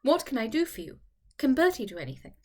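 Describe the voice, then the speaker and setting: A woman reading aloud and voicing a lively young woman who teases and coaxes her upset friend, in an audiobook. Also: high-pitched, fast talker. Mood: concerned.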